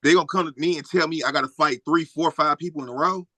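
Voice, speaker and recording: A man's voice: fairly high pitch, quick pace, sharp tone, no echo. A man hosting a podcast in a casual interview, asking eager follow-up questions. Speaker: podcast host.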